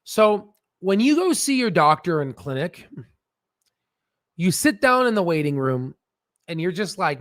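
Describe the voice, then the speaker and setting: A man's voice: high-pitched, big pitch swings, measured pace, long pauses, a bit bright, dry recording, studio quality. A man hosting a stock research channel, explaining in a rambling, profane, casual way and laughing at his own jokes, talking from a standing desk.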